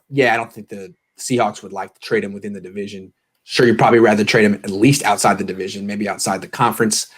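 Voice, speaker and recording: A man's voice: medium pitch, husky. Guy hosting a sports pod, casual, rambling. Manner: loose, rambling, restarts a lot. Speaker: host. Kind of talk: casual sports podcast chat.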